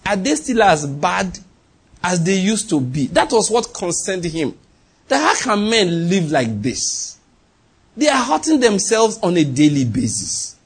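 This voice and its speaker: Male preacher, high husky voice, animated sermon delivery with acted-out quotes and loud-to-hushed swings.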